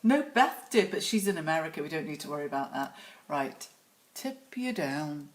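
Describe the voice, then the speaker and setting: A woman's voice: deep voice, very animated, normal speed. A woman chatting casually and telling stories while she paints in her studio, laughing often. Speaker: watercolour artist and host.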